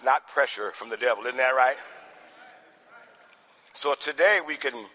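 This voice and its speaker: Preaching man with big hall echo. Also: a little high. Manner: preaching, swinging from soft to shouting. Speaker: pastor. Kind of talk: sermon. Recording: long hall reverb.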